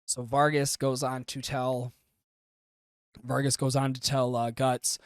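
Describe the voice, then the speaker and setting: A man's voice: mid-range voice, flat delivery, normal speed, no room sound, clean studio sound. A man hosting a podcast, recapping an anime in a loose, profane, chatty way with lots of fillers. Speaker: podcast host. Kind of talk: casual anime review recap.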